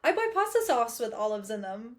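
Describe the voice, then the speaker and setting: A woman's voice: fairly high pitch, big pitch swings, a little fast. A young woman co-hosting a casual podcast, chatty and teasing. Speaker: podcast co-host.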